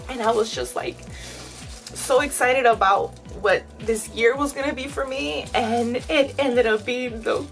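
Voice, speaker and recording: Dyeing her hair on camera, this thirties vlogger talks openly to her audience, peppering every line with fillers and getting teary now and then. She speaks unhurriedly in a voice on the high side. The recording is rough, with soft background music.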